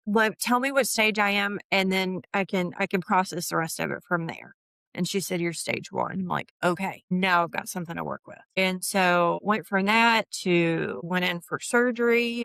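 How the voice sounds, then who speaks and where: A woman in her fifties tells her own story as a podcast guest, lively and candid, slipping into the voices of the people she quotes. Her voice sits low with a gravelly edge. The sound is dry and close. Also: no echo. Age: 50s. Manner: animated, acts out quoted voices.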